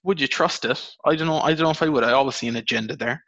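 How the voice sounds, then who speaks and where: A young Irish man hosting a podcast, telling rambling, swearing stories with sudden high jumps in his voice. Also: rapid-fire, dry recording, dull audio. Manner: rambling, swears, animated storytelling with pitch jumps. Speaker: podcast host. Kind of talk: casual podcast chat.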